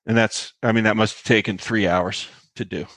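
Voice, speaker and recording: Man telling a lively backstage story. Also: fairly low pitch, moderate pace, slightly rough, no room sound. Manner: animated anecdote teller, acts out quotes, many fillers. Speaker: guest actor. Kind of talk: storytelling interview.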